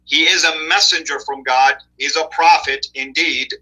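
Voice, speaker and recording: A man's voice: fairly high pitch, steady tone, normal speed, sharp tone, breathy edge, low-quality recording. A man appearing as a guest on a live discussion, answering questions in an assertive, emphatic way. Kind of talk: apologetics debate talk.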